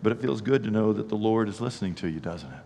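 A man preaching a sermon, swinging from quiet, intimate talk to loud, impassioned repetition. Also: lowish voice, expressive, fast, vocal fry. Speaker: pastor. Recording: long hall reverb.

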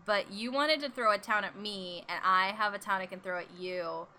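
Bright-voiced northern woman, easygoing chat. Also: mid-range voice, moderate pace, a little hiss or hum. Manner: easygoing, jokey, trails off into fillers. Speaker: co-host. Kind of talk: casual chat.

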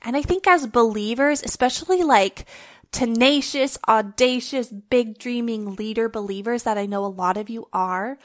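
A woman's voice: on the high side, moderate pace. A woman hosting a faith-based podcast, talking in an earnest, heartfelt, conversational way and recording at home on her phone. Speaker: podcast host.

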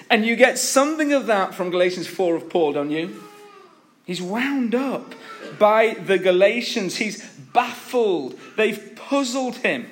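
A man with a high-sitting, animated voice speaks a little slowly as he preaches an earnest, emphatic sermon, weaving stories in between his points.

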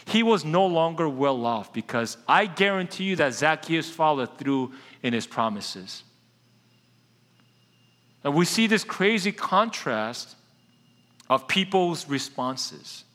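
A man with a high, bright, forceful voice preaches a sermon in a loose, chatty way. He talks straight to the congregation and throws questions at them. His voice rings with a long reverb in a church sanctuary. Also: expressive, takes it slowly. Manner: casual, conversational preaching that addresses the congregation directly. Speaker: pastor.

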